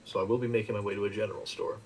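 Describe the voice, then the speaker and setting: A man's voice: fairly low pitch, fairly even intonation, very fast, darkish tone, a little hiss or hum, rough recording. A man playing a tabletop game in casual chat, stammering and laughing often. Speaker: player.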